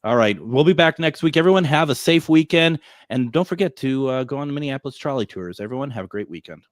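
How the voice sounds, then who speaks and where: A man's voice: medium pitch, lively intonation, fast, no room sound. A man hosting a casual radio talk show, chatty and laughing often.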